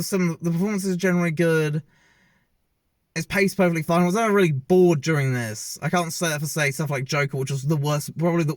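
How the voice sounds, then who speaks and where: A man's voice: a little high, no echo. Rambling man reviewing films. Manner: rambling, opinionated, often correcting himself mid-sentence. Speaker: film reviewer. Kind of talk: casual opinionated movie review. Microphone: self-filmed camera.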